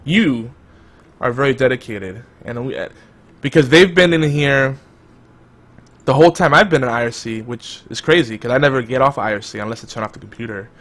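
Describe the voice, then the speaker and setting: A man's voice: mid-range voice, a little fast, fairly bright tone. A man hosting a podcast, chatting casually and laughing often, with lots of restarts as he reads the live chat. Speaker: podcast host.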